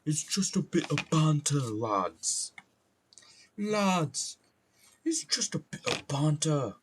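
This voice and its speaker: A man putting on an exaggerated mock British accent to play a bantering lad, in a higher voice than his own. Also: big pitch swings, slow pace, a little hiss or hum. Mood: jokey.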